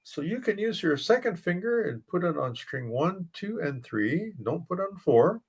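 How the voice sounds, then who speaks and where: In this ukulele lesson, the teacher speaks in a high-pitched, very animated, slightly rough voice at a normal speed. He counts beats aloud with patience while playing. The recording is rough, and his strumming comes through loudly beneath his words.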